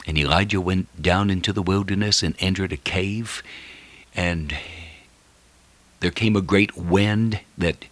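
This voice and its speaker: A man with a very low, husky voice preaches, retelling Bible stories with drama. His tone is bright and forceful even at that depth. He swings from hushed, near-whispered lines to emphatic ones, and the recording is close and completely dry. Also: dry recording. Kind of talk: sermon.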